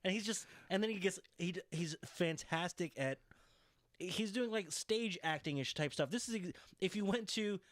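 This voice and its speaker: Animated man chatting about wrestling. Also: high voice, moderate pace, dry recording, clean studio sound. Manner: animated, acts out wrestlers' lines. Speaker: podcast co-host. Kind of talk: casual wrestling chat.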